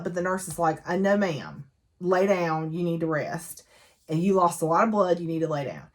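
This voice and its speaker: A woman casually recapping a novel, chatty and gushing, slipping into the characters' lines as she goes. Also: fairly low pitch. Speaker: book reviewer.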